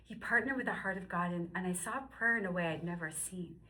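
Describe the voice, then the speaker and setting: A woman in her fifties telling her personal faith story, moving between hushed, whispered passages and excited, high-pitched bursts. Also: fast talker, rough recording. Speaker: guest sharing testimony. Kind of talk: emotional personal testimony.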